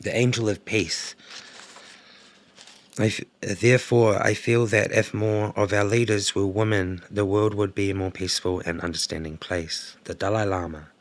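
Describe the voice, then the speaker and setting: A man's voice: lowish voice, fairly even intonation, moderate pace, hardly any pauses. A man doing a casual oracle card reading to camera, emotional, laughing and sighing as he goes. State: emotional, coughing. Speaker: tarot card reader.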